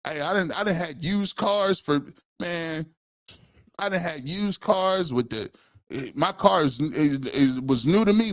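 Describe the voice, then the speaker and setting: A man in his forties hosts a live sports talk stream, telling comic stories and acting out the voices of the people in them. His voice is on the high side and animated, at a measured pace, recorded dry with clean studio sound.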